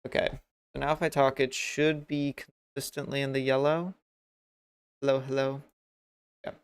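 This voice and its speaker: A man talks through his game on a livestream, rambling and poking fun at himself as he works things out. His voice has a gravelly, creaky texture, yet it stays smooth and clear on his desk mic. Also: medium pitch, little pitch movement, moderate pace. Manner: thinks aloud, rambling and self-mocking. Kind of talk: casual gameplay commentary. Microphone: desk mic with noise gate.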